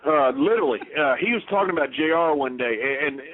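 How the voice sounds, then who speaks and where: A man's voice: on the high side, expressive, quick pace. A man with a Southern US accent, a guest telling stories bluntly in a casual interview. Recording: tinny phone line.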